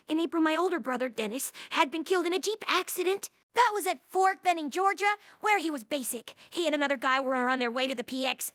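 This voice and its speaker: Brash young cartoon pony girl played by a man, reading a novel aloud in character, very high boyish voice, dry close mic. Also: fairly bright tone, no echo.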